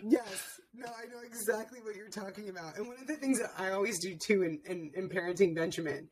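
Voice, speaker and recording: A woman's voice: mid-range voice, a little fast, a crowd in the background. A woman hosting a podcast, chatting casually and telling stories as a mother, with many filler words. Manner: chatty, storytelling with frequent "like" fillers. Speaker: podcast host. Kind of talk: casual conversational interview.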